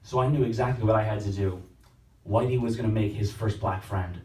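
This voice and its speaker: A young man works through a stand-up set at an open mic, telling his stories deadpan and then breaking into exaggerated voices. His voice sounds roomy and a little distant, caught on a phone livestream. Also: fairly low pitch, brisk. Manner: deadpan storytelling, shifting into exaggerated put-on voices. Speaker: stand-up comedian. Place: small open-mic room.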